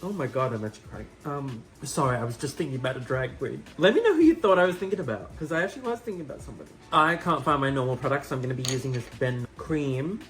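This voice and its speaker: A man's voice: mid-range voice, lively intonation, fast talker, hardly any pauses, a bit bright, soft background music. Self-mocking Australian man, chatty. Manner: self-mocking, rambling asides. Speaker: drag makeup vlogger. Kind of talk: chatty makeup tutorial. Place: indoor room with a fan.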